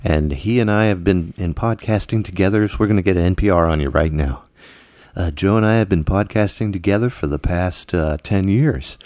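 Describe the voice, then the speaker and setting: A man with a very low voice hosts a casual podcast. He rambles and stops to find words, recorded dry and close. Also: a little mellow, no room sound. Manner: rambling, halting with fillers. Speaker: podcast co-host.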